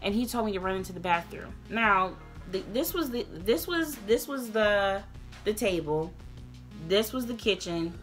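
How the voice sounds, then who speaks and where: A young woman vlogger telling a personal story in a candid, rambling way, earnest and emotional, sometimes getting loud and passionate. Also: medium pitch, lively intonation, moderate pace, faint music behind. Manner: loose, rambling, many restarts.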